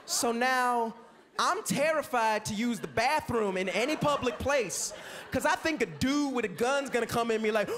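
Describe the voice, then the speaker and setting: A very high voice at normal speed belongs to a young American man doing stand-up comedy. He brings his stories to life with animated screams and exaggerated voices, including yelling kids, on a club stage where the live audience's laughter and noise can be heard.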